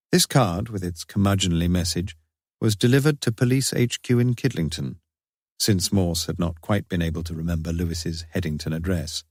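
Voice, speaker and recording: A man's voice: low voice, moderate pace, no room sound. Man narrating an audiobook, dry close sound.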